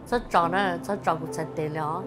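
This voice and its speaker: A woman's voice: on the low side, steady tone, a little fast, music in the background. A woman giving an earnest, emotional interview testimony.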